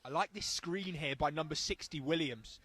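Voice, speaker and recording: High pitched guy doing live match commentary, excitable and jokey. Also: normal speed, husky. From United Kingdom.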